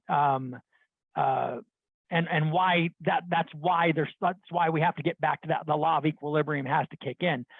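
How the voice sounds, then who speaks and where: A middle-aged man with a high voice gives a blunt motivational talk to his sales team, rambling and restarting as he goes. The sound is dry and thin, like a phone line. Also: gravelly, no room sound. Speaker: sales leader addressing his loan officers.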